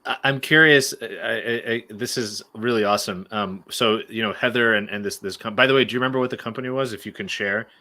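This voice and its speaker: A man's voice: on the low side, quick pace, few pauses, bright, forceful tone. A man hosting a podcast interview, asking curious, enthusiastic questions. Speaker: podcast host. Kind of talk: casual interview.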